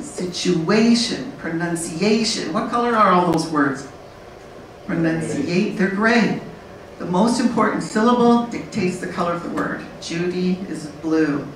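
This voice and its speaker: A woman speaking on a conference panel in a lively, blunt way, acting out learners and babies. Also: medium pitch. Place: conference room. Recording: very echoey room from far off, faint noise.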